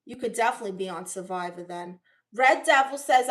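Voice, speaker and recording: A woman comedian chatting casually on a livestream from home, joking and reading out viewer comments in an expressive way. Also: medium pitch, fairly quick. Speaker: comedian streamer.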